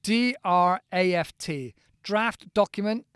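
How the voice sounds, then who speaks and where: A man's voice: a little high, lively intonation, measured pace, no echo, studio quality. Playful man spelling out words. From United Kingdom. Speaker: English teacher podcaster. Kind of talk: casual podcast lesson.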